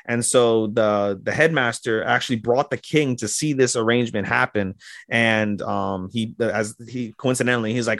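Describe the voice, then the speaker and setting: A man's voice: mid-range voice, moderate pace, vocal fry, a bit bright, dry recording, studio quality. A man hosting an anime podcast who chats casually and swears a lot while he recaps episodes in a rambling way. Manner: rambling, profane, with lots of fillers and restarts. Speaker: podcast host.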